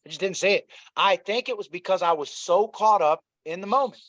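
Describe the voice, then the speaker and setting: A man's voice: high-pitched, fairly quick, a bit bright, no echo. A middle-aged man telling a painful family story as an interview guest, earnest and repetitive, often talking straight to the listeners. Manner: earnest, repeats himself, addresses listeners as y'all. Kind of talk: emotional personal storytelling. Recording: dull, slightly lo-fi dry sound.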